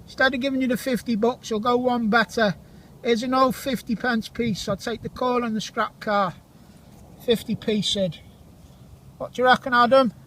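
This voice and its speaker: A man in his forties with a fairly high voice rambles through casual commentary as he sweeps a field with a metal detector. He is jokey and chatty, teasing friends and handing out shout-outs between finds, recorded outdoors. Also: steady tone, normal speed, slight background noise, rough recording. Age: 40s.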